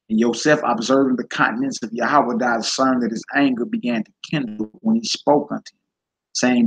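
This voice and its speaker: Male religious teacher, scripture reading with casual slangy commentary, gravelly tone. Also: medium pitch, fairly even intonation, moderate pace. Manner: casual slang, frequent "you know what I'm saying" asides.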